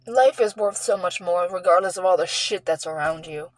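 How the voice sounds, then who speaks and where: A young woman telling a candid personal story, earnest and heartfelt, with halting restarts and sighs. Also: on the low side, rough recording. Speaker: vlogger sharing a personal story.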